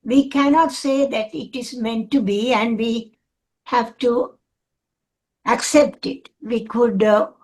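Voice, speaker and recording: An older woman in a study group on a video call, asking a question in a halting way while searching for words. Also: fairly high pitch, fairly even intonation, darkish tone.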